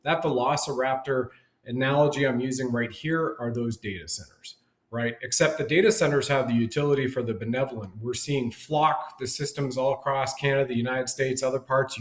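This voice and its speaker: A man's voice: mid-range voice, steady tone, brisk, reverberant, low-quality recording. A man speaking as a guest on a panel discussion, rambling and emphatic in long run-on sentences over a video call.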